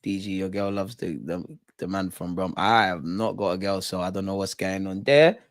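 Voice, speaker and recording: A young man hosting a live football watch-along, chatting casually, reacting to play and reading out comments, sometimes muttering and sometimes shouting at the referee. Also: sits low, normal speed, no echo, clean studio sound. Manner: animated, swings from muttering to shouting at the ref.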